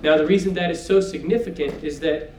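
A man's voice: fairly high pitch, fairly even intonation, fairly quick, darkish tone, a little hiss or hum. A man teaching a Bible class in church, talking it through in a conversational way and checking in with "okay?" asides. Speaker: preacher. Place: church hall. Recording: echoey room, mic at a distance.

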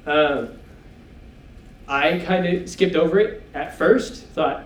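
Guy teaching bible class in a church hall, kinda high voice, echoey and a bit far from the mic. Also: moderate pace, slight background noise. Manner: conversational, with frequent "okay?" asides. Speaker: preacher. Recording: echoey room, mic at a distance.

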